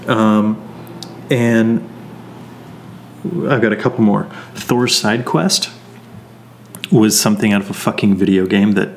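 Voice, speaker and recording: Blunt, swearing man with a lowish voice. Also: slow, long pauses, slight background noise. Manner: blunt, profane ranting. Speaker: podcast co-host. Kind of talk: casual movie review chat.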